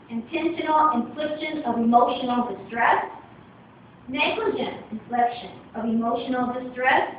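A woman voicing a sly, smooth-talking male fox lawyer in a storybook reading. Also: high voice, a little hiss or hum. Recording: echoey room from far, dull lo-fi.

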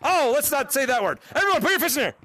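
A man streaming a VR game and greeting fans, energetic and laughing a lot, talking into a headset mic. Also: extremely high pitch. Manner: energetic, laughing often, quick restarts. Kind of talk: excited live gaming chat.

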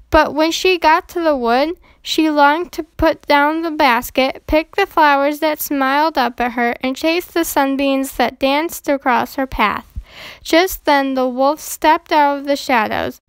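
Female storybook reader, gentle and measured, high-pitched, dry studio sound. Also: no room sound. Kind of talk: reading a children's storybook aloud.

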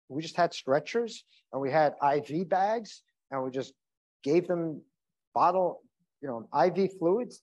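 A man who is an emergency doctor, giving an informal health seminar with many fillers and restarts. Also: a little high. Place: seminar room. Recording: dull lo-fi sound.

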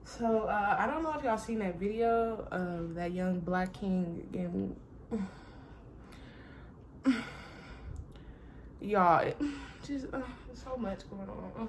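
A woman's voice: mid-range voice, animated, slow, pauses often, slight background noise. A young woman, chatting casually to her viewers in a rambling, profane way, trailing off and sighing often. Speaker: vlogger. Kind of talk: casual chat to camera.

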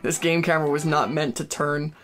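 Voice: medium pitch, steady tone, fairly quick. A streamer casually commenting on a game, joking, swearing and laughing often. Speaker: streamer reading game dialogue. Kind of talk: casual let's-play commentary with silly voices.

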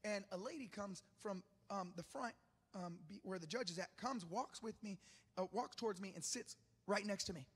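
A male pastor preaches in a long-ringing church hall, trading jokes with his congregation as he tells a story. His voice sits high with a husky, gravelly texture. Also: moderate pace. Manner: lively, humorous storyteller who jokes with the congregation. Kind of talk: sermon with personal storytelling. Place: large church auditorium.

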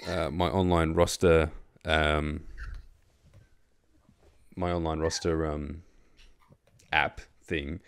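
Australian male host, very low voice, rambling casual storyteller who swears. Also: level tone, slow, vocal fry, long pauses, smooth. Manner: rambling, many fillers and restarts, swears freely.

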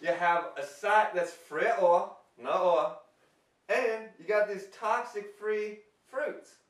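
Taking it slowly, a young man pitches his voice high, above his natural one, to play a chipper, folksy mushroom scientist in an amateur comedy skit. His drawl drops its g's between corny jokes, heard from afar in an echoey room.

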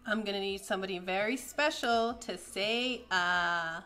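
A woman's voice: medium pitch, measured pace, bright, forceful tone. A woman hosting a cooking video, chatting playfully with viewers as she cooks and eats. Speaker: cooking channel host. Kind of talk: casual cooking chat and instruction.

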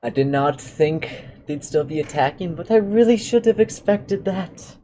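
A man giving goofy, excitable commentary while playing a horror video game, yelping at the scares. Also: a little high, measured pace, a little hiss or hum. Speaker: let's play gamer. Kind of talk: casual gaming commentary.

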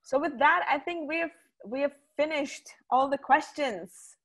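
A woman's voice: sits high, measured pace, fairly bright tone. A woman co-hosting a webinar Q&A, talking conversationally with frequent ums and restarts. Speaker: webinar co-host. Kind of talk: casual webinar Q&A.

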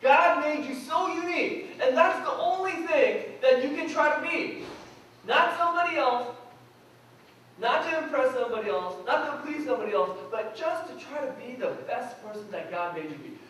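A man with a notably high voice preaches in a relaxed, conversational way, putting questions to his congregation. He is picked up from a distance in a church hall full of echo, with faint room noise behind him. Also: moderate pace. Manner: humorous personal anecdotes. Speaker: pastor. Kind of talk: sermon. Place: church sanctuary. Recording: echoey church hall from far off.

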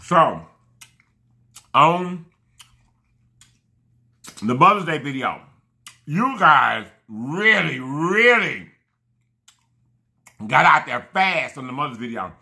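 A man's voice: on the high side, very animated, takes it slowly, vocal fry, long pauses, sharp tone. A man chatting casually to camera while eating, effusive and rambling, thanking his viewers again and again. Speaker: mukbang vlogger.

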